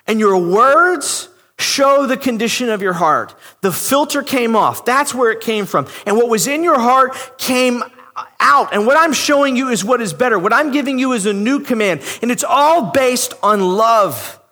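Lively high-voiced man preaching in a hall. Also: moderate pace. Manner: conversational, emphatic, acts out quoted voices. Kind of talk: sermon. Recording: long hall reverb.

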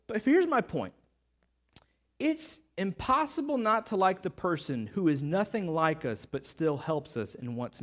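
High-voiced man preaching a sermon. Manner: storytelling, conversational with playful sarcasm. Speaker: pastor.

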